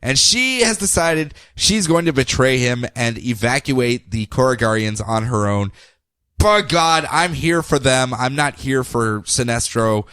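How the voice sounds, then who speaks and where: A man co-hosting a podcast, recapping comic books in a casual, animated way. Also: mid-range voice, unhurried, clear, resonant tone, no room sound. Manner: animated, acts out character quotes in funny voices. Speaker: podcast co-host.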